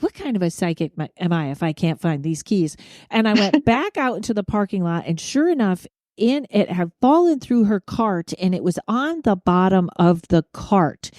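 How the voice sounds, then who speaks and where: A woman hosts a podcast with a mellow, warm voice, chatting casually. She retells everyday stories, laughs easily and acts out what people said. The sound is dry and close. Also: medium pitch, lively intonation, moderate pace, dry recording. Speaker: podcast host. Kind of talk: casual chat.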